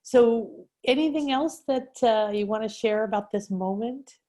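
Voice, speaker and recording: A woman's voice: fairly high pitch, a little slow, warm tone. A woman hosting an interview, thoughtfully reflecting on her guest's story before asking a follow-up question. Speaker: host. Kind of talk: interview conversation.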